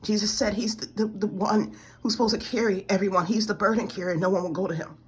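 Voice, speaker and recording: A woman's voice: mid-range voice, fairly even intonation, quick pace, husky. A woman in her forties giving a pleading, tearful spiritual testimony to camera, close to tears and repeating her complaints. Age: 40s. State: near tears.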